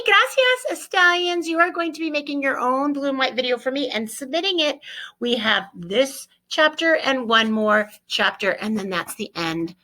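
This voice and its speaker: A middle-aged woman teaching a Spanish vocabulary lesson in a chatty, lively way, correcting herself as she goes. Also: medium pitch.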